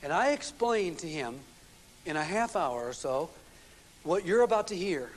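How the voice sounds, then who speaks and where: A man with a high, light voice delivers a relationship seminar to a live audience. He tells folksy stories, restarting his sentences often, and his words trail into a long hall reverb. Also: animated, measured pace. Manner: folksy storytelling with frequent restarts and fillers. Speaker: seminar speaker. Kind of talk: relationship seminar lecture with anecdotes.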